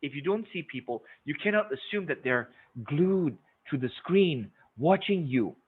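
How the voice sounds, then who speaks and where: A man with a voice on the high side, a breathy edge and lively intonation leads a live sales-training webinar at a moderate pace. He stresses points, repeats words and checks in with "okay?" and "right?". The audio sounds narrow, like a phone.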